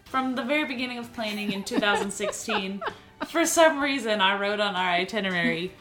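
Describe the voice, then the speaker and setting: A woman's voice: mid-range voice, expressive, fairly quick, over music. A woman from Texas, a travel consultant chatting upbeat on a podcast, often laughing as she talks. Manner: upbeat, laughs while talking. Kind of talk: casual chat.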